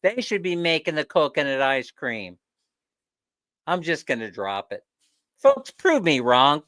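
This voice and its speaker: A man hosting a casual livestream chat, ranting with animated energy and laughing often. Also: a little high, measured pace, no echo, studio quality. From not from the Philippines. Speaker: livestream host.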